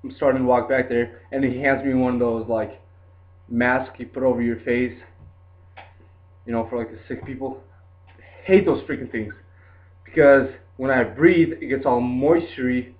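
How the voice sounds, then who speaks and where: A man's voice: medium pitch, steady tone, normal speed, pauses often. Laid-back young guy, tinny lo-fi sound. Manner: rambling, laid-back, lots of "like" and "dude". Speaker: storyteller. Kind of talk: casual storytelling to camera.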